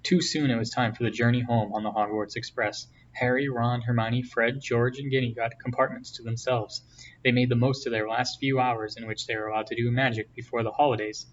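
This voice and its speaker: A man's voice: medium pitch, fairly quick. Man reading a novel from afar. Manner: steady, plain storytelling. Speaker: reader. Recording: distant, dull, faint hiss.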